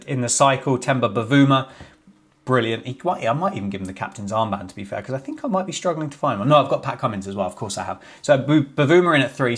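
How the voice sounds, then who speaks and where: A young man hosting a casual cricket preview, chatty, with jokey asides and frequent restarts. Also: mid-range voice. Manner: chatty, jokey asides, self-corrects often. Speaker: cricket video host.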